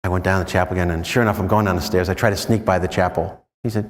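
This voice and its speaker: Chuckling priest in an echoing hall. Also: male voice, deep voice, fairly even intonation, racing. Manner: rambling, chuckling storyteller who asks the audience questions. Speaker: Jesuit priest leading a retreat. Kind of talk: anecdotal retreat talk to a live group. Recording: long reverb in a large room.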